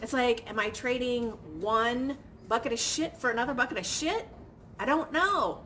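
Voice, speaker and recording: A woman's voice: a little high, moderate pace, pushed and bright, slight background noise. A woman vlogger venting in casual chat, chatty and stressed, acting out quoted exchanges with little laughs. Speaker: vlogger and crafter.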